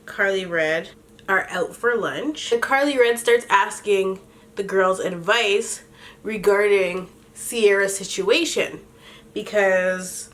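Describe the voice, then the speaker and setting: A young adult woman hosting a casual comedic recap, sassy and animated, laughing often between lines. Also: mid-range voice. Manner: laughs often, sassy and animated, does quick mock voices. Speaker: podcast host recapping a reality show.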